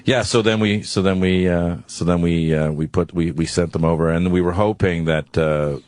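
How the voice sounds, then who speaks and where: A man's voice: deep voice, steady tone, moderate pace, darkish tone, dry recording. A man who is a guest on a radio talk show, telling rambling stories with lots of swearing and fillers. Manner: rambling, profane, many fillers. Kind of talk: casual radio storytelling. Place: radio studio.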